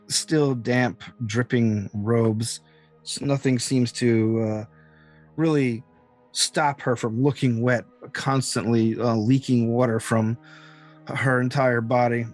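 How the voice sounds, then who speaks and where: A man narrating as game master of a tabletop game. He describes scenes haltingly, with many restarts. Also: medium pitch. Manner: halting, full of fillers and restarts.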